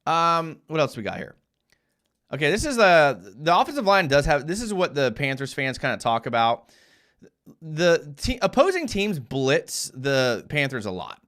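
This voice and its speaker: A young man hosting a live fan show, giving casual football commentary over game film with animated, fired-up rants full of restarts. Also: a little high, moderate pace.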